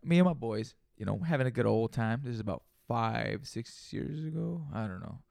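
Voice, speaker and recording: A young man hosts his own podcast in a loose, profane, rambling way, tossing in jokey repeated asides. His voice has a gravelly fry at mid pitch. The recording is dry and close to the mic. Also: animated, normal speed, darkish tone, no room sound. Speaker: podcast host. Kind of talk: casual solo podcast monologue.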